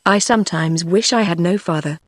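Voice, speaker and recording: A text-to-speech voice reading the lines of an earnest, impetuous young frontier woman in a storybook, in an even synthetic delivery. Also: mid-range voice, brisk, dry recording, studio quality, natural voice. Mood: bitter.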